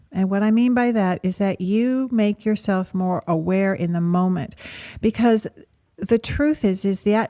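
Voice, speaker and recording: A woman hosting a call-in radio advice show, calmly coaching a caller with gentle, repetitive phrasing. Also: mid-range voice. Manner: calm, coaching, speaks in gentle repeated phrases. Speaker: radio talk show host and therapist.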